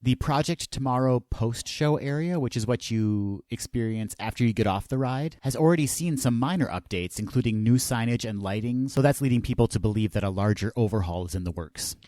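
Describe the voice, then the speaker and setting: A man's voice: medium pitch, fairly quick, few pauses, dark tone, no echo. A man co-hosting a podcast, chatting in a playful, jokey way. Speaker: podcast co-host. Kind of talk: casual chat.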